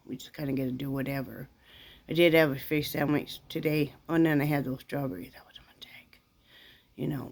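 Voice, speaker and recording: Low-voiced chatty woman vlogger. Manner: rambling, chatty, talks baby-talk to her dog. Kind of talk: casual chat to camera.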